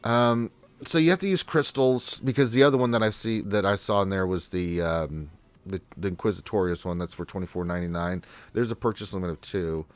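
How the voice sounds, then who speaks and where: A man's voice: low-pitched, fairly quick. A man hosting a live question-and-answer stream, congested from allergies, talking in a rambling, laid-back way to his chat viewers. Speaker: livestream Q&A host.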